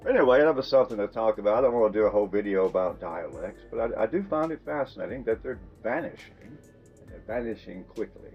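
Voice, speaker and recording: An older Southern man with a low, husky voice talks in a folksy, unhurried monologue. The sound is a little muffled, with soft music playing underneath. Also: animated. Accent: Southern American. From American South. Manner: folksy, musing, soft chuckles. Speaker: vlogger. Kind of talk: casual reflective monologue.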